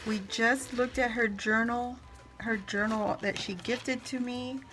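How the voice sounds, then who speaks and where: A woman's voice: a little high, fairly even intonation, unhurried, a bit bright, faint music behind. A woman vlogger chatting casually to the camera as she unboxes gifts, gushing and effusive, laughing often and exclaiming in delight. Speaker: craft vlogger opening gifts.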